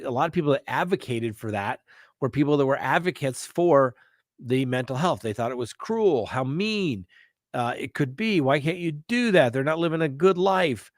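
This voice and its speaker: A man's voice: a little high, animated, moderate pace, no echo. Middle-aged guy doing a live q&a, emphatic, keeps saying okay? right?, dry close sound. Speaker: host answering viewer questions. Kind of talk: live Q&A chat.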